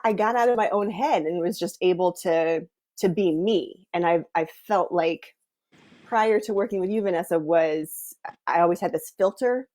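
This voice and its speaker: Woman guest, slightly low voice, candid and upbeat, video call interview. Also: darkish tone. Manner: candid, upbeat storytelling, laughs often. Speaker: guest client. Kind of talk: casual interview chat.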